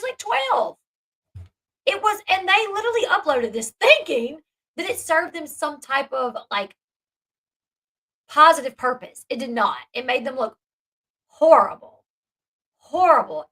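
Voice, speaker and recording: Woman commentator, high bright voice, emphatic and indignant, casual chatty commentary. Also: expressive, normal speed, rough recording. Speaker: online commentator. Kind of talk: casual commentary, reacting to live chat.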